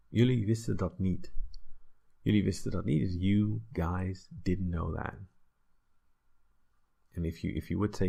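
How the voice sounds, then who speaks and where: Guy teaching a lesson, deep voice, kinda husky, lots of "right?". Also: steady tone, a little slow, mellow. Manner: explains patiently, with fillers and rhetorical "right?". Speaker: language teacher. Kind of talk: casual online lesson.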